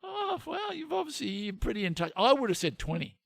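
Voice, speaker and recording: A man's voice: extremely high pitch, huge pitch swings, brisk, vocal fry, fairly bright tone, no echo, clean studio sound. An older Australian man co-hosting a podcast, telling a rambling, self-mocking story in casual chat. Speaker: podcast co-host.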